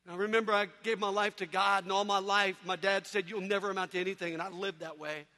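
A man preaching an energetic sermon, telling stories with animated shouts and sudden hushed drops. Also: high-pitched, brisk, in a large hall. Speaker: evangelist speaker.

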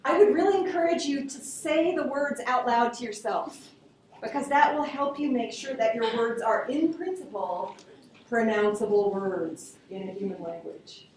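A woman gives a lively, casual classroom lecture and keeps asking her students questions. Her voice sits fairly high. She is recorded from across a very echoey room. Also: moderate pace, a little hiss or hum. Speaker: linguistics teacher. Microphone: room recording from a distance. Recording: very echoey classroom, distant mic.

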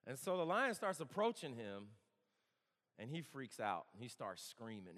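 A man's voice: medium pitch, big pitch swings, moderate pace, fairly bright tone. A man in his thirties giving a storytelling sermon, conversational and earnest with touches of humor. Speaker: campus worship speaker. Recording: long hall reverb.

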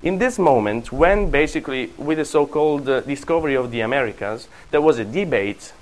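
A man gives a classroom lecture in English. He talks at a moderate, middle pitch and often stops to restart his sentences. His delivery is thoughtful and unpolished. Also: expressive, low-quality recording. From Italy. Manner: halting, with frequent restarts and fillers.

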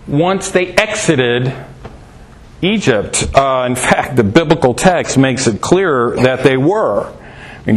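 Animated man teaching a Bible talk. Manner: animated, asks rhetorical questions, swings pitch for emphasis; folksy asides with fillers. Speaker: preacher.

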